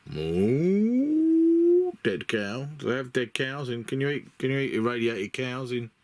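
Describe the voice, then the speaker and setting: A man's voice: mid-range voice, fairly even intonation, normal speed, fairly bright tone, dry recording. A middle-aged British man talking in a rambling, chatty, self-deprecating way as he sorts through parts in his workshop. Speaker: miniature model builder. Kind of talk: casual hobby vlog. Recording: noisy workshop recording with clicks.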